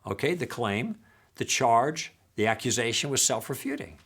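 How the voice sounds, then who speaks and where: A man's voice: mid-range voice, normal speed, breathy edge. A man giving a recorded teaching talk, telling stories from his own conversations and acting out both sides, often checking in with the audience by asking "okay?". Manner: animated storyteller who acts out dialogue and checks in with "okay?". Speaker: apologetics teacher.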